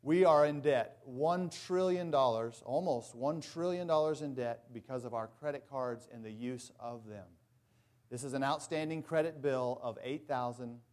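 A man's voice: mid-range voice, normal speed, darkish tone. A male pastor preaching a sermon earnestly and with emphasis, mixing in folksy asides.

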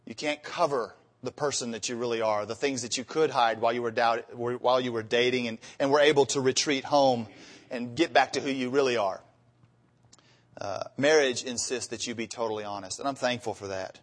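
A man preaching on marriage to his congregation, his voice at an ordinary middle pitch. He tells humorous stories about married life, then reads scripture with rising emphasis. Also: fairly even intonation, a little fast. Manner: storytelling with acted-out marital dialogue. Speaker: pastor. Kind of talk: sermon.

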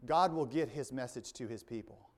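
A man's voice: medium pitch, moderate pace. A male pastor preaching a sermon, reading scripture aloud and explaining it, with wry asides.

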